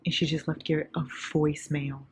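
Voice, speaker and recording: Low-voiced, sleep-deprived woman vlogger. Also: flat delivery, fairly quick. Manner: chatty, profane, often laughing. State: sleep-deprived, a little delirious. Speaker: book vlogger. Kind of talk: casual reading-reaction vlog. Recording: audible background noise.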